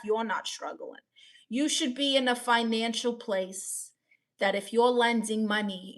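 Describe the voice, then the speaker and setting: A woman's voice: medium pitch, a bit bright. A woman live-streaming, reading viewers' comments aloud and bantering with them in a playful, teasing way.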